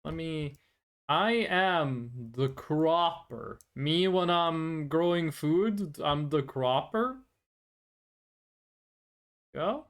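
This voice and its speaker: A VTuber streamer chatting casually and playfully with viewers during a live stream, quick to laugh. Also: medium pitch, animated.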